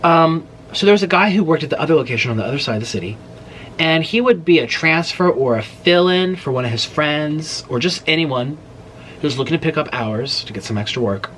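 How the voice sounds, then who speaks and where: A man in his late twenties hosts a mukbang and chats straight to camera. His voice sits a little high and swoops all over the place as he rambles. He keeps cutting himself off mid-thought to start over. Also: a little fast, a little hiss or hum. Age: late 20s. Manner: animated, rambling, breaks off mid-sentence. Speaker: mukbang host. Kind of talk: casual storytelling chat to camera.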